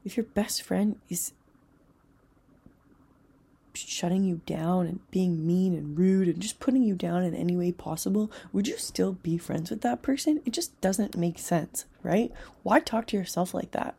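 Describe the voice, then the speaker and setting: A young woman with a low, mellow, husky voice and a gravelly edge talks earnestly about self-improvement. She rambles warmly through her points, now and then sinking to a soft whisper. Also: unhurried. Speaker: self-help podcast host. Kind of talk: casual motivational talk.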